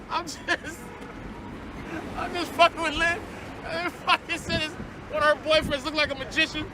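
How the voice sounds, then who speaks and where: High-voiced man joking on a busy street. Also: level tone, normal speed, over music, crowd noise. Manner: mock-bossy, swearing, laughing. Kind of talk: casual joking banter. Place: outdoors on a city street. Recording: outdoor street with traffic and people.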